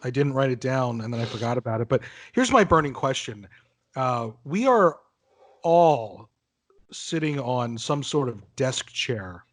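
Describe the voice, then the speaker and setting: A man's voice: mid-range voice, animated, a little slow, dry recording. A man hosting a casual podcast chat, joking and swearing as he leads the questions. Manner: joking, profane, leading the questions. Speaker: podcast host.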